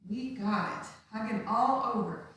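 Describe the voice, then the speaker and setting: A woman's voice: fairly high pitch, unhurried, fairly bright tone. A woman teaching a live-streamed dance lesson to small children, upbeat and coaxing. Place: room at home, some distance from the camera. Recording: very echoey room, voice from far off.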